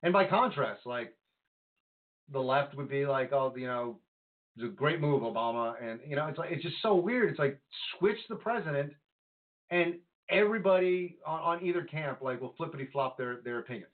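A man co-hosting a casual podcast, talking politics in an animated, rambling way with lots of fillers and restarts. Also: on the high side, normal speed. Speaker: podcast co-host. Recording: phone-like lo-fi line.

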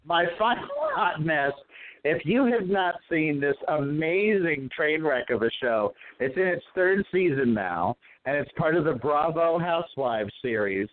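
A man with a slightly higher voice chats casually as a podcast co-host, dishing gossip with plenty of swearing. His voice comes through narrow and tinny, like a phone line. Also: animated, unhurried. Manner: profane, gossipy storytelling.

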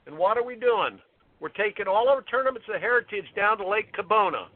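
A man's voice: high-pitched, lively intonation, fairly quick. A male tennis coach, a guest, talking with emphatic indignation and repeating himself as he makes his points. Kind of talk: impassioned interview talk. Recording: tinny phone line.

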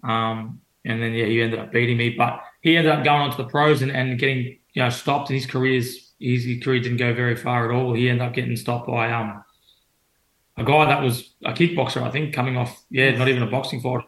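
Speaking at medium pitch in a level, slightly bright tone, this young Australian boxer talks a little fast. He's a guest in a casual interview, wandering through his stories with lots of fillers and false starts, and the room gives the audio a noticeable echo.

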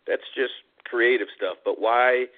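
A man co-hosting a wrestling talk show, chatting excitedly and rambling with many restarts. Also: medium pitch, measured pace. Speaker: podcast co-host. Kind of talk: casual wrestling chat. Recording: phone-line audio.

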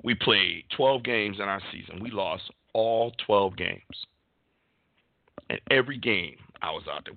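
A man hosting a casual sports talk show, telling stories in an animated way with many restarts. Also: fairly low pitch, unhurried, creaky, no room sound. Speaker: podcast host. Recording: dry, phone-like line.

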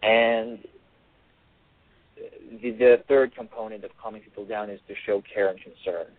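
A man's voice: lowish voice, fairly even intonation, moderate pace, no room sound. A male author giving a radio interview over the phone, earnest and repeating his phrases as he explains. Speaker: author and guest. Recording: tinny phone line.

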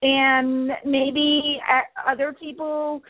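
A woman hosting a radio interview, asking questions in a halting way with many fillers. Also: high-pitched, level tone, dry recording. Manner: halting, thinks aloud with fillers. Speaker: radio show host. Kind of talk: conversational interview. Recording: tinny phone-line sound, dry.

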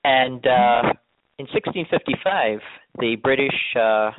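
A man's voice: medium pitch, slow, no echo. Jamaican guy on a phone line, laid back, lots of ums, dry tinny sound. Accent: Jamaican, toned down. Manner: easygoing, frequent fillers and restarts. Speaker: tourism board guest. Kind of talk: interview answers.

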